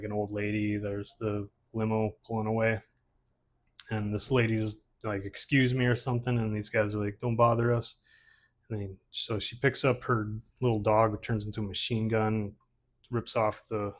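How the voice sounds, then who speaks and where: A man casually talking through his old comic portfolio pages, rambling with many fillers and restarts. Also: on the low side. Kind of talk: casual chat.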